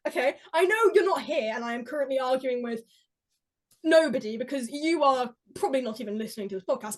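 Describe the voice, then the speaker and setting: A woman telling stories in an excitable, rambling way on a podcast, with many restarts. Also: fairly high pitch, rapid-fire. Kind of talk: casual chat, rambling storytelling. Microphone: podcast mic.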